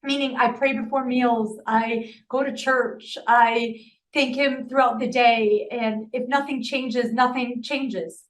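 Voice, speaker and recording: A woman's voice: fairly high pitch, steady tone, takes it slowly. A middle-aged woman telling a personal story in a casual interview, earnest and emotional, often restarting her sentences. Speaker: podcast guest.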